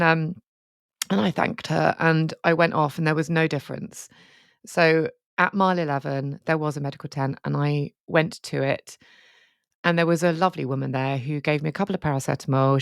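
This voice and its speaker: A woman's voice: low-pitched, gravelly, dry recording, studio quality. A woman co-hosting a podcast, telling a candid, sweary, emotional story in casual chat. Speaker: podcast co-host.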